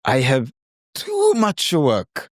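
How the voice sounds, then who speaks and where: A man's voice: medium pitch, wildly swooping pitch, dry recording, clean studio sound, pitched above the performer's own voice, full character voice. A man doing a hesitant Korean man speaking English. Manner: drawn-out "ah" before answering, sing-song intonation.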